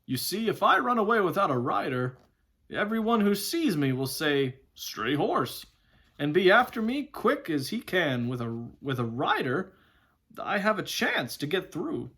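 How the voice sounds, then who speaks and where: A haughty talking war horse, as a man reads him aloud from a storybook. He speaks briskly and loftily, with open scorn for humans, in a fairly high voice. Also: sing-song, bright, forceful tone, breathy edge, heavily acted. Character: proud, stern talking male war horse.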